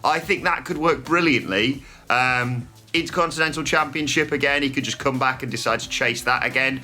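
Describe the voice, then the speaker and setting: Bright-voiced man chatting news. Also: mid-range voice, normal speed, faint music behind. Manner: chatty, opinionated, with mild swearing. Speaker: wrestling news host. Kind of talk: casual news chat.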